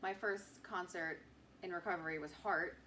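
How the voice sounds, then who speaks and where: A woman's voice: on the low side, steady tone, moderate pace, pushed and bright, recorded from a distance, slight background noise. A woman interviewer who speaks conversationally, affirming her guest as she shares her own story.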